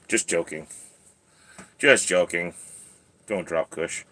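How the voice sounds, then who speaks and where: A man's voice: low-pitched, slow pace, long pauses, sharp tone. A man hosting a casual livestream from home, chatting and teasing while he talks to his cat and clips its nails. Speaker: channel host.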